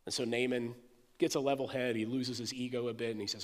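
A man's voice: mid-range voice, fairly quick. Man preaching in a reverberant church. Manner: animated storyteller, acts out quoted characters. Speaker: pastor. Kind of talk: sermon storytelling. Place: church sanctuary.

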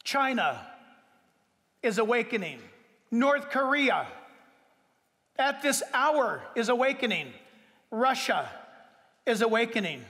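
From the pulpit of a church sanctuary, a pastor with a very high, fairly bright voice preaches emphatically, leaping in pitch and drawing out words for weight. He is very animated yet speaks slowly with many pauses, and the hall adds a long reverb.

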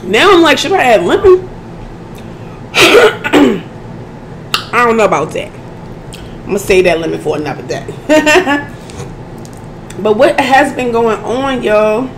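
A hoarse woman vlogger chatting casually to her viewers as she eats, often clearing her throat. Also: a little high, very animated, slow pace, pauses often, noisy background. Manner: chatty, addresses audience as y'all, keeps clearing her throat. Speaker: mukbang vlogger. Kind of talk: casual eating chat to viewers.

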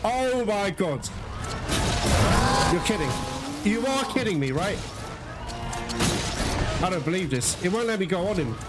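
Over game music, this let's play host speaks at a moderate pace in a high-sitting voice, pausing often. His commentary is excitable and full of swearing, and he constantly calls his audience "guys."

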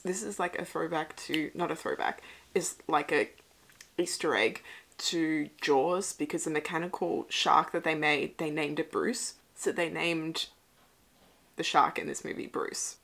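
A young woman giving a casual, excitable movie reaction commentary. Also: low-pitched, a little slow, gravelly. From Australia. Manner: excitable, swears and laughs at the screen. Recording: noisy home recording.

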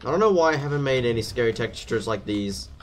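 A man's voice: medium pitch, lively intonation, fast. Jumpy swearing man narrating gameplay. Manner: jumpy, swears at enemies, thinks aloud. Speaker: gameplay commentator. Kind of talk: let's play commentary.

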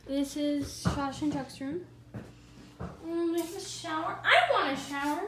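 A young woman vlogging casually from a hotel room and patio, chatty and easily excited. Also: sits high, slow. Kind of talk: casual vlog chat to camera. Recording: noisy handheld camera audio.

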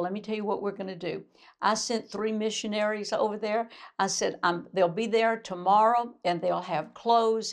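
An older woman preaching a sermon as a bishop, fervent and emphatic, repeating her phrases for weight. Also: medium pitch. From Louisiana.

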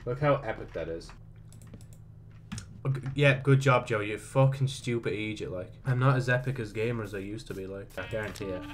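A young man commentating his own video game play, swearing often and jumping from low muttering to sudden yelps. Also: a little fast, over music. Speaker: gaming channel host. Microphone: desk mic with audible mouse clicks.

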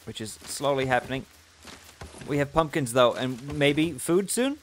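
A man hosting a gaming video, giving playful, self-mocking let's-play commentary that breaks into loud excited yelps. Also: medium pitch, unhurried, slight background noise. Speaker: gaming channel host.

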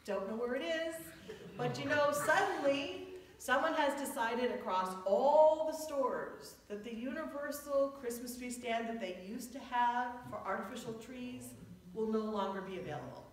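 A woman pastor preaching a sermon, telling stories with humor and leaning into phrases. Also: a little high. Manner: storytelling with humor, drawn-out emphatic phrases. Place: church sanctuary. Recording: echoey church heard from a distance.

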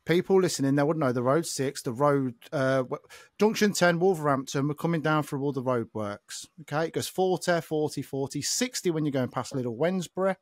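A man from the telling an animated story on a casual podcast. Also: fairly high pitch, brisk, dry recording, clean studio sound. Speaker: podcast co-host, truck driver.

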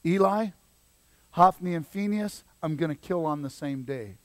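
A man voicing God, delivering a low, solemn pronouncement. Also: normal speed, dry recording, lightly acted. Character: God, a calling voice in the night.

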